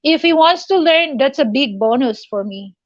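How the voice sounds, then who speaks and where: A woman with a Filipino accent hosting a casual live chat, halting and full of fillers and restarts. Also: high voice, lively intonation, no echo, highs cut off. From Philippines. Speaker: livestream host.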